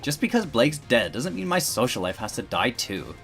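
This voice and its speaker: A man's voice: medium pitch, sing-song, normal speed, fairly bright tone, faint music behind, pitched above the performer's own voice. A man voicing a spoiled, whiny young woman in a game who only cares about her party. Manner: whiny and petulant.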